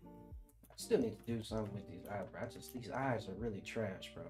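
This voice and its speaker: A man's voice: lowish voice, fairly quick, faint music behind. A man streaming casually while he draws, joking with his chat in slangy banter and laughing often.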